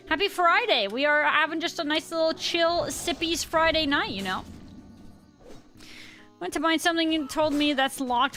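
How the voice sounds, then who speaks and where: High-pitched, bright, tipsy woman streamer. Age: 30s. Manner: playful, giggly, chatty with viewers. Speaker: livestreamer. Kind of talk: casual gaming livestream chat.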